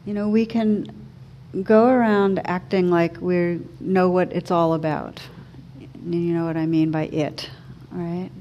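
Woman, reflective spiritual talk, gentle and unhurried, relaxed low-key tone, faint background hiss. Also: lo-fi sound. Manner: slow, gentle, thoughtful delivery. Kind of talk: reflective talk with a story read aloud.

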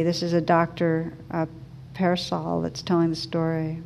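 A woman teacher giving a slow, gentle reflective talk, reading a story aloud. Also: lowish voice, completely flat delivery, gravelly. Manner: slow, gentle, thoughtful delivery.

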